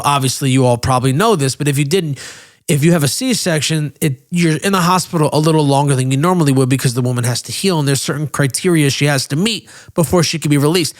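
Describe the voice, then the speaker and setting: A man in his thirties hosting a podcast, telling a personal story in a candid, emotional way with frequent swearing. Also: on the high side. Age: 30s. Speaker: podcast host.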